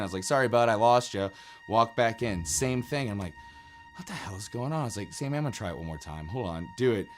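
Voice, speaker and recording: A middle-aged man telling his own ghost story in a casual, animated way, with many fillers and restarts. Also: medium pitch.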